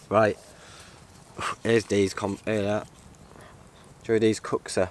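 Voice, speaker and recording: A man chatting to camera in a casual vlog, excitable and rambling. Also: on the low side, drawn-out words, slight background noise. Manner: excitable, rambling, swears and laughs often. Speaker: outdoor vlogger.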